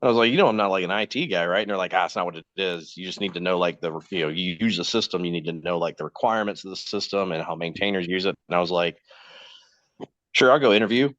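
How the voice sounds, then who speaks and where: A man's voice: low-pitched, rapid-fire, hardly any pauses, a bit bright, no room sound. A man in his forties telling long, rambling anecdotes on a casual podcast, acting out other people's lines and laughing often. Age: 40s. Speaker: podcast guest host. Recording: dull, dry lo-fi podcast mic.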